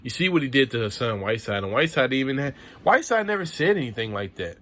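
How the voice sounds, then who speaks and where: A man's voice: medium pitch, very animated, fast talker, fairly bright tone. A man giving a frustrated, profane sports rant to camera in a vlog, repeating himself as he vents. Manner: frustrated, profane, repetitive ranting. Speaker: sports vlogger. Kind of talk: ranting sports commentary.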